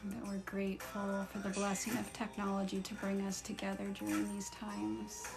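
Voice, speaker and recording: A woman hosting a live guided meditation, speaking slowly and softly with blessings and breathing cues. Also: medium pitch, completely flat delivery, vocal fry, music in the background. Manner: slow, soft and soothing; gushing and giggly in farewells. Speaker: spiritual meditation host. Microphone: livestream phone or computer mic.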